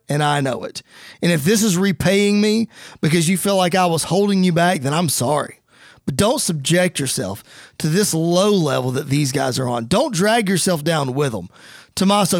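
A man's voice: a little high, dry recording, clean studio sound. A man voicing an earnest male wrestler pleading with his friend.

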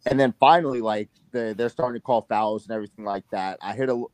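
A man's voice: lowish voice, fast, darkish tone, dry recording. A young man hosting a podcast, rambling through a profane story with lots of fillers. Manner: rambling, profane anecdote-telling with many fillers. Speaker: podcast host. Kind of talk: casual storytelling chat.

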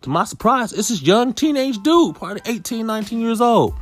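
Animated man telling a comic story. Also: very high voice, brisk, faint music behind. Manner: animated, acts out each character's lines. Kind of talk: comedic storytelling.

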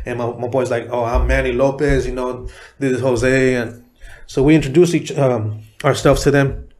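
A middle-aged man from San Diego, a rapper guest telling a story in a profane, animated way, acting out the people he quotes. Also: mid-range voice, moderate pace. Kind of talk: casual storytelling interview.

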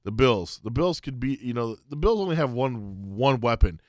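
A man co-hosting a sports podcast, explaining and defending his takes in casual debate with halting restarts. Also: medium pitch, animated, darkish tone, no room sound, studio quality. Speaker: podcast co-host.

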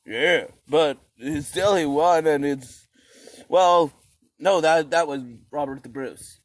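A man telling history as a rambling, profane comic monologue, acting out quoted voices with sudden high shouts. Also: takes it slowly, no echo.

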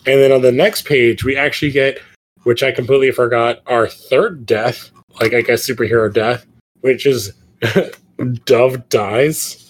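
A man's voice: mid-range voice, fairly even intonation, a little slow, a little hiss or hum. A young man hosting a casual comic book podcast, talking in a rambling way with many fillers. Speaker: podcast host.

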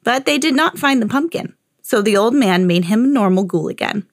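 A woman's voice: a little high, expressive, brisk, dry recording, studio quality. A woman, a mother, reading a children's picture book aloud in a sing-song storytelling way.

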